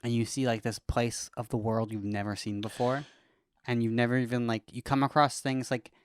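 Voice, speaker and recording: A man's voice: mid-range voice, level tone, fairly quick, clean tone. A young adult man co-hosting a comedy podcast, chatting casually and laughing often as he grumbles jokingly. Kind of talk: casual chat.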